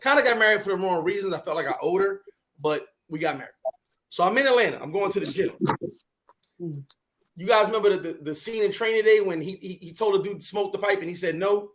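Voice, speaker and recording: A man hosting a casual talk show, telling a personal story in an animated way, repeating words and acting out his own shouting. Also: sits high, fast talker, a little hiss or hum, rough recording. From New York. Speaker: podcast host.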